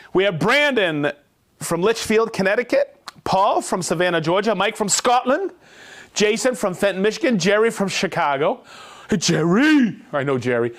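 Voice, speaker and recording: A man hosting a livestream, reading out viewer shout-outs in an upbeat, jokey way. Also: high voice. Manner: upbeat, jokey, rattling off names and places. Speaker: livestream host.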